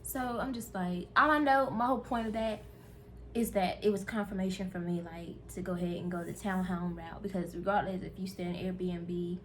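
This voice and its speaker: A woman's voice: lowish voice, fairly even intonation, normal speed, slight background noise. A woman from North Carolina, chatting candidly and directly to her viewers in a casual vlog. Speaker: vlogger.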